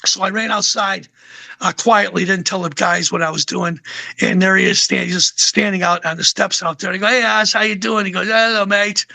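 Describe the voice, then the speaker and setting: A man's voice: sits high, steady tone, moderate pace, gravelly, bright, forceful tone, dry recording. An older man, a musician guest, telling a rambling anecdote in a casual interview with plenty of fillers.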